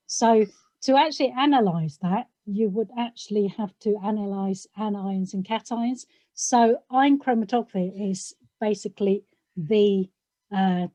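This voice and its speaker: A middle-aged woman from South London, an analytical chemist, explaining her work on a video call in a relaxed way with frequent ums. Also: mid-range voice, dry recording. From South London, England.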